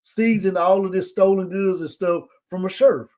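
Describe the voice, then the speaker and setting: Animated man recapping a TV episode. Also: high-pitched, moderate pace. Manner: animated retelling, acts out characters' lines. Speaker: podcast host.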